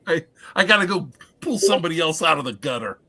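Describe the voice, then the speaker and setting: A man who coaches high school football, talking on a podcast panel in a wry, self-deprecating way. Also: animated, fast talker, very noisy. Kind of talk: casual podcast chat.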